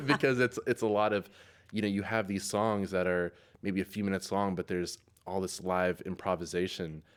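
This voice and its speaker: A young man from East Tennessee, a musician guest, answering in a relaxed way, laughing often and filling with ums. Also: sits low. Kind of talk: casual interview answers.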